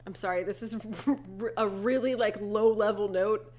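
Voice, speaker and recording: Young female co-host, casual and animated, retells scenes and laughs. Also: mid-range voice, measured pace. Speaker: podcast co-host. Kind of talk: casual movie recap chat.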